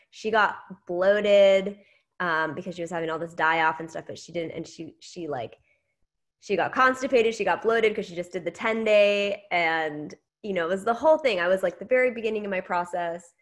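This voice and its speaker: A woman in her thirties giving a casual training talk, telling a story with lively quoted dialogue. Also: fairly low pitch, normal speed. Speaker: network marketing trainer.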